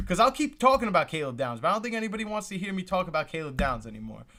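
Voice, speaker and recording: Racing through his words, a young man hosting a draft reaction stream exclaims, repeats himself, and talks to his chat. His voice is high, very animated, and sharp in tone.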